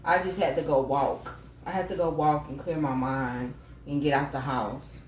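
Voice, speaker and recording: A woman's voice: sits low, fairly even intonation, moderate pace, a little hiss or hum. A woman giving a casual tarot reading to camera at home, chatty and blunt, swearing freely. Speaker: tarot card reader. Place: room at home. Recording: echoey room, mic set far off.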